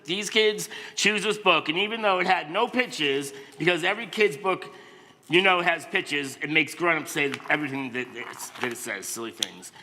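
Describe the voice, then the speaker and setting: A man's voice: a little high, normal speed, bright, forceful tone. Playful middle-aged man in a reverberant church. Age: 50s. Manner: playful, self-mocking, exaggerated silly sounds. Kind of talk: reading a children's book aloud to kids. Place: large church sanctuary. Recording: reverberant church hall, faint noise.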